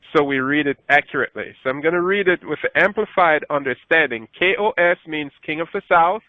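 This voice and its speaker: A man leads a scripture lesson, and his voice goes up whenever he reads the verses aloud. He pauses to fix his own mistakes as he goes. The sound is thin and phone-like, with a dry, close feel. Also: no echo. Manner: rises in pitch when reading scripture aloud, self-correcting. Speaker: Bible teacher.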